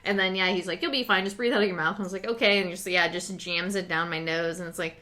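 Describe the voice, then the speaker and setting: A woman co-hosting a casual comics podcast, chatty and quick to laugh. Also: fairly low pitch, steady tone, pushed and bright. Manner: laughs often, loose and chatty. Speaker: podcast co-host.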